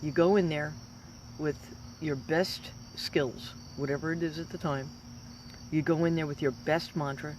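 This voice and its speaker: A woman's voice: low-pitched, fairly even intonation, measured pace, darkish tone, a little hiss or hum. A woman in her fifties, a professional fighter, giving an emphatic, rambling motivational talk. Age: 50s. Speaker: professional mixed martial arts fighter.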